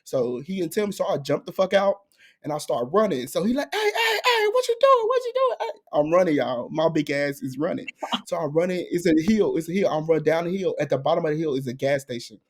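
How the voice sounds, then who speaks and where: A young man co-hosting a podcast, telling a story in casual chat and jumping into high, excited voices. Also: fast, husky. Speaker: podcast co-host.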